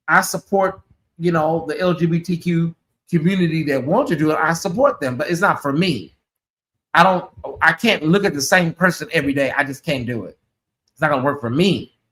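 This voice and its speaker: Sassy male host chatting on a livestream with a high, crisp, bright voice. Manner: sassy, chatty, calls listeners honey and y'all. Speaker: channel host. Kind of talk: casual livestream chat.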